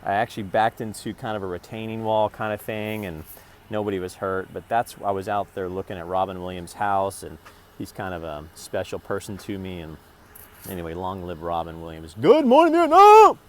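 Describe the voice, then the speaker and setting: Talking to his phone camera from a parked vehicle, a man rambles in a casual, profane vlog, speaking in bursts. His deep voice is level and brisk, with a little hiss or hum in the audio.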